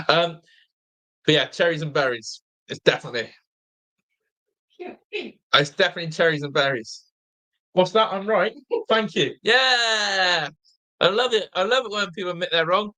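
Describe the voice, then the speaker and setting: A young man hosting a live football watch-along, chatting excitedly, reacting to play and reading viewer comments aloud, with a slightly blocked nose. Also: high voice, normal speed, long pauses. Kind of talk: live fan commentary and chat.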